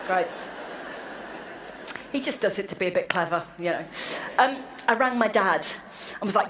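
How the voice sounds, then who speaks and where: The speaker, a woman in her forties from Wales, entertains an annual meeting's audience in a large hall with wry, self-deprecating anecdotes. Her voice is medium-pitched at a normal speed, captured in an echoey space with slight room noise.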